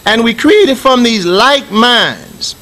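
High-voiced preaching American imam. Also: male voice, expressive, slow pace, pushed and bright, low-quality recording. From United States. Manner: emphatic preaching with repetition and call-outs; recites Arabic scripture. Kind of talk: Friday sermon. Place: mosque.

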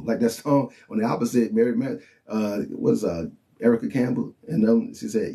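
A man delivers a casual, conversational sermon in a mellow, relaxed tone. He talks loosely and keeps checking in with his listeners. When he quotes other people, his voice jumps up high. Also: fast talker, creaky. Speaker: preacher. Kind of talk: informal sermon.

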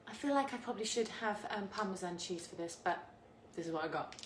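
A cooking show host from England speaks quickly in a mid-range voice while streaming live from her home kitchen. She chats casually, laughs, and greets viewers by name. Her echoey kitchen carries faint background noise.

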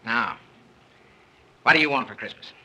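A man's voice: mid-range voice, normal speed, pushed and bright, breathy edge. An actor playing a dry-witted, middle-aged wealthy businessman father who speaks with sardonic quips in an early 1930s film.

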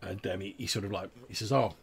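A man runs a tabletop game, narrating in rambling, filler-heavy descriptions. His voice sits on the low side, gravelly with a husky, slightly raspy grain. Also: level tone, fast. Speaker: game master.

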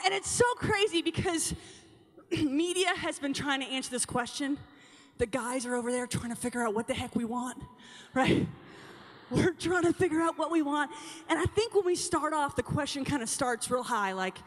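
A young adult woman with a high voice addresses a conference of teen girls at normal speed, bubbly and chatty as she calls out to the crowd. The talk is energetic, and the large conference hall gives it a long reverb.

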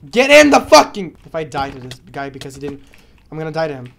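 High-voiced excitable gamer guy. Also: quick pace, creaky. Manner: excitable, swears and yells at the game, trash-talks it; rambling, repeats himself and stumbles over words. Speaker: gaming video creator. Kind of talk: live gameplay commentary.

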